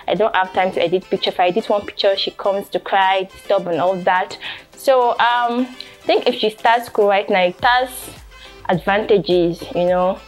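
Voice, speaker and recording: A young woman with a Nigerian accent talks to her camera in an easygoing home vlog. Her pitch sits in a middle range for a woman, and she keeps circling back to the same points with plenty of "you know". Faint music plays softly behind her voice. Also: moderate pace. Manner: chatty, repeats herself, many fillers like "you know". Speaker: vlogger and photographer. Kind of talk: casual vlog talk to camera.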